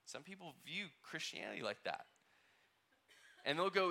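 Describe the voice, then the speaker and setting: A man's voice: a little high, big pitch swings, normal speed, vocal fry, pushed and bright. A male pastor preaching a conversational sermon, asking the congregation questions and acting out quotes.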